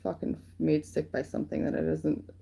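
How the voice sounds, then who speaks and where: A woman talks through spiritual guidance in a loose, rambling livestream chat, full of fillers and casual swearing. Her voice sits low and carries a gravelly fry. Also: brisk, warm tone. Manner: rambling, profane, filler-heavy. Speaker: spiritual reader channeling guidance.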